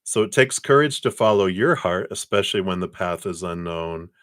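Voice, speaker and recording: A man's voice: low-pitched, lively intonation, normal speed, a bit bright, no echo, studio quality. A man doing live-stream card readings, talking in a rambling, reassuring way with lots of "you know". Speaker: card reader.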